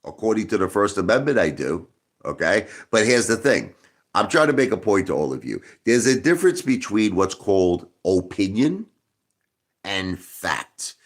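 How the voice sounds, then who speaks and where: A man's voice: lowish voice, sing-song, moderate pace. Combative man ranting on a livestream. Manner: combative, repeats himself, talks straight to viewers. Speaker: live stream host. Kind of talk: livestream rant.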